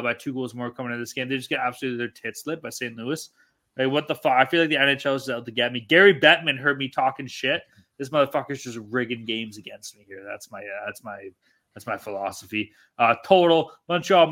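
A man's voice: mid-range voice, pushed and bright. A man co-hosting a sports-betting podcast, ranting in casual chat and swearing constantly. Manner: profane, ranting, exasperated. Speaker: podcast co-host.

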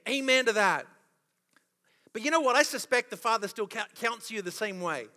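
High, gravelly pastor preaching in a hall. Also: male voice, sharp tone. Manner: passionate, rhetorical questions, occasional sarcasm. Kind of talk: sermon. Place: church auditorium. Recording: long reverb of a large hall.

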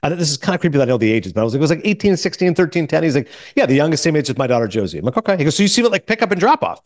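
Animated storytelling man, quick and dry. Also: fairly high pitch, no room sound. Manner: animated, quotes others in quick back-and-forth. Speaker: podcast host. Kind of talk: casual storytelling chat.

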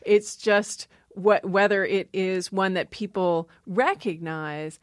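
A woman's voice: mid-range voice, slow, no echo, clean studio sound. A woman linguist explaining language in an interview, often laughing as she talks. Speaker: linguist guest. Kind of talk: interview talk.

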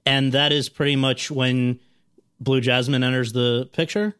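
Guy interviewer, mid pitch, asks long wandering questions w restarts. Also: flat delivery, a little slow, a bit bright, smooth.

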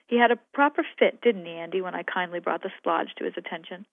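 A woman's voice: fairly low pitch, fairly quick, gravelly, no room sound. A woman reading aloud as a teasing, mocking young Englishman, the narrator's older brother. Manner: teasing, jokey. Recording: phone-like radio line.

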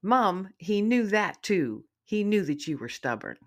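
A woman voicing an excited young male dog spirit, eager and sweet, in a spoken storybook. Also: medium pitch, unhurried, voice pushed up. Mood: playful.

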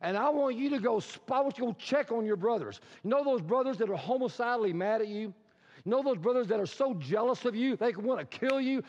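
A matter-of-fact old father, as a high-voiced preacher puts him on, giving slow, deliberate instructions. The sound is dull and lo-fi, and a long hall echo trails every phrase. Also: lively intonation, darkish tone. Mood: instructing. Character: elderly father sending his son off, matter-of-fact.

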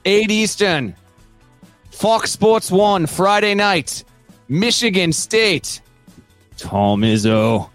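A man's voice: sits high, slow, fairly bright tone, faint music behind. Man in a put-on Australian accent. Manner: jokey, rattles off game listings. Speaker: podcast co-host. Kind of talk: casual sports podcast chat.

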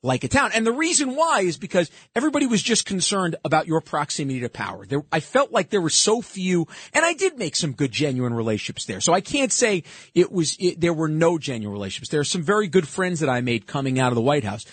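Sarcastic talk-show host with a husky voice. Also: male voice, on the high side, very animated, quick pace, fairly bright tone, no room sound. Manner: sarcastic, interrupts clips often. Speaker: radio show host commenting on clips. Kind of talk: opinionated talk-show commentary.

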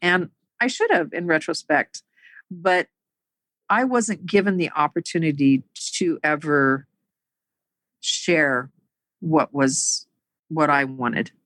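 A middle-aged woman telling her own life story in a halting, earnest way, with many pauses and fillers. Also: sits low, fairly bright tone, dry recording, poor audio. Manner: earnest and emotional. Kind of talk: personal storytelling.

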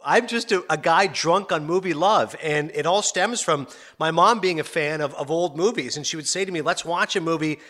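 A man's voice: fairly high pitch, normal speed, few pauses. A middle-aged male sports broadcaster in casual interview chat, telling stories with laughs and acted-out quotes. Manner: animated storyteller, laughs often, acts out quotes. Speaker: sports broadcaster and podcast host.

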